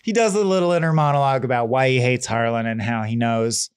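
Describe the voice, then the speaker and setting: A man's voice: mid-range voice, quick pace, smooth, dry recording, clean studio sound. A man co-hosting a podcast, casually recapping a movie plot and acting out the characters' lines as he goes. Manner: animated, acts out characters' lines while recapping. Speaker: podcast co-host. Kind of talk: casual film discussion.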